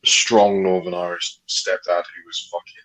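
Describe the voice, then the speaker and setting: A man's voice: deep voice, little pitch movement, measured pace, crowd noise. A man co-hosting a casual chat podcast, talking bluntly with frequent swearing and weary sighs. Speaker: podcast co-host.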